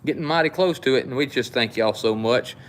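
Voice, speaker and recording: A middle-aged man with a drawl talks folksy and rambling, like he's hosting a live sale for viewers he knows. His voice sits at an ordinary, middling pitch, and the talk stays easygoing. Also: fairly quick. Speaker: knife shop host. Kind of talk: casual live-stream sales chat.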